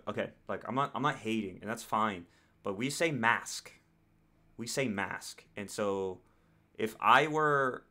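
A man's voice: medium pitch, pushed and bright. An American man hosting a reaction video, commenting casually and rambling with lots of fillers and self-corrections. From United States.

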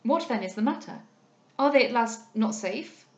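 A woman's voice: fairly high pitch, lively intonation, normal speed, highs cut off. Woman reading a refined young lady heroine. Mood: anxious. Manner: earnest, refined. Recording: roomy echo.

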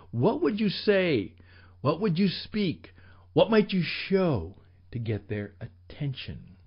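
A man teaching sales on his radio show, his voice rising and falling with lively swings in pitch. He speaks slowly and emphatically, sometimes dropping to a whisper. The recording sounds slightly dull and lo-fi. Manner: emphatic, with dramatic drops to whispers. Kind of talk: animated instructional talk.

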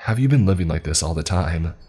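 A man's voice: low-pitched, lively intonation, fast, dark tone, slightly rough. A man narrating a horror story voices a frightened young woman friend, alarmed and pleading.

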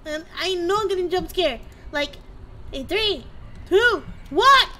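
A woman's voice: extremely high pitch, animated, takes it slowly, bright, forceful tone, slight background noise. A young woman streaming a horror game, reacting with jumpy shrieks, swearing and teasing banter. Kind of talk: casual live gameplay commentary.

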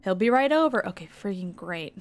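A woman's voice: mid-range voice, lively intonation, fairly quick. A woman streamer giving casual gameplay commentary, exasperated and swearing, with muttered asides.

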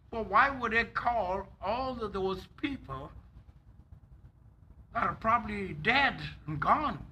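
A man preaching a sermon as an elder, emphatic and drawn out, with sudden loud bursts. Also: very high voice, a little hiss or hum.

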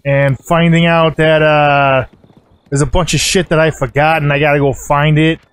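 Excitable high-voiced man playing a game. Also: moderate pace, smooth. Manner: rambling, excitable, swears a lot. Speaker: gaming channel host. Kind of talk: let's play commentary.

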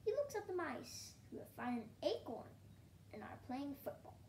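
A woman reading a children's story aloud in a gentle, hushed way that often drops near a whisper. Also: high voice, sing-song, normal speed, reverberant, slight background noise.

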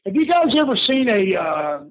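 An older man telling lively stories as a guest in an interview, laughing often and calling the listener "brother". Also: sits high, normal speed. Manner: lively yarn-spinner who laughs often and says "brother". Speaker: guest, retired pro wrestler. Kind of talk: animated storytelling in an interview. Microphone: phone call. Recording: tinny phone line.

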